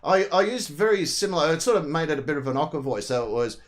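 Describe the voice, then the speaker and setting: An Australian man co-hosting a casual comedy chat, telling animated, rambling stories and swearing freely. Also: fairly high pitch, quick pace. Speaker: co-host.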